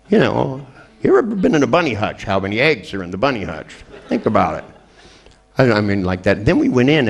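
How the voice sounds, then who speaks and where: Gravelly low-voiced man telling funny stories. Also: big pitch swings, fairly quick. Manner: joking storyteller who acts out quoted voices. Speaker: seminar trainer. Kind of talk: humorous seminar talk to a group.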